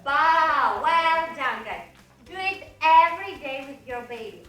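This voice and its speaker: A woman teaches a toddler in a slow, playful sing-song, her voice high and swooping. She sounds bright and clear but stands back from the mic in an echoey room. Faint music plays behind her. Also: expressive, distant mic. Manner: slow, exaggerated, playful prompting. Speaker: teacher and parent.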